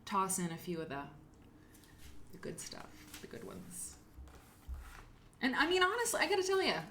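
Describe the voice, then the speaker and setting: A woman with a mid-range voice hosts a live quilting show, chatting casually and rambling as she thanks viewers by name. She reads names from the chat aloud in a casual livestream style. There's slight background noise.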